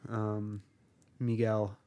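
A man's voice: fairly low pitch, completely flat delivery, drawn-out words, warm tone. A man co-hosting a podcast in casual chat, rambling and joking, sometimes putting on a bad British accent. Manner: rambling, jokey, mock British bits. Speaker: podcast co-host.

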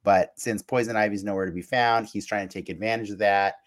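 A man's voice: fairly low pitch, fairly even intonation, fairly quick. A man on a podcast, recapping a cartoon episode in casual chat, rambling with fillers and restarts and laughing along. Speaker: podcast co-host.

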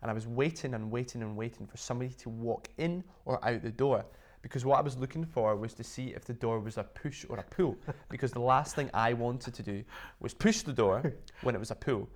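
A man, a guest in an interview, telling his story in a chatty, animated way with lots of fillers and restarts. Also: mid-range voice, a little fast, hardly any pauses. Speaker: interview guest, business founder. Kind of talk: casual storytelling.

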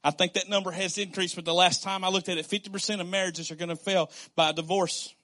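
Animated high-voiced male preacher. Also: fast talker. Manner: conversational, animated preaching with repetitions and acted-out quotes. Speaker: pastor. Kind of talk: sermon.

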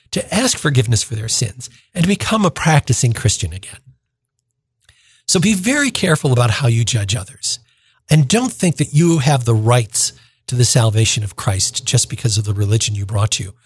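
A man's voice: on the high side, husky, dry recording. A man, a deacon, explaining the week's gospel on the radio in an informal, plain-spoken way.

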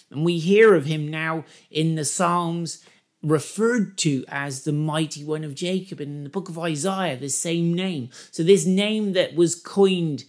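A man with a fairly high voice walks listeners through a scripture passage in an informal teaching style. He talks with emphasis and animation, breaking off often to explain and stress key phrases. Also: darkish tone. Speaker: Bible teacher.

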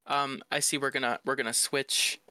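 A man's voice: medium pitch, level tone, moderate pace, sharp tone, no echo. A man co-hosting a casual gaming podcast, explaining his picks with enthusiasm. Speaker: podcast co-host.

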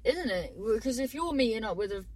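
A woman's voice: on the high side, expressive, fairly quick, darkish tone, slight background noise, poor audio. A woman chatting casually to camera in a rambling, sweary way, often trailing off mid-thought. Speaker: vlogger.

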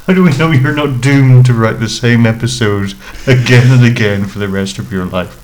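A man's voice: medium pitch, normal speed, a little mellow, slight background noise, poor audio. A man co-hosting a podcast in casual chat, with dry, teasing humour. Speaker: podcast co-host.

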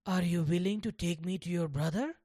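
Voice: medium pitch, fairly quick, dark tone, no echo, lightly acted. A narrator playing a stern schoolteacher. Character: schoolteacher, stern then humbled.

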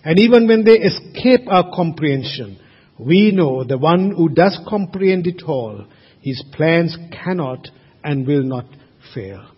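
A man's voice: on the high side, expressive, a little slow, breathy edge. A man preaching a sermon at a church service, emphatic and asking his congregation rhetorical questions. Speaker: pastor. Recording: reverberant hall, muffled sound.

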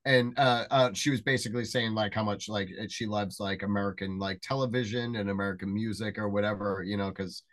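A man's voice: on the low side, steady tone, brisk, few pauses, a bit bright. A man hosting a podcast, telling stories in a casual, rambling way with lots of fillers. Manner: rambling storyteller, many fillers and restarts. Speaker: podcast host. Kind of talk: casual chat.

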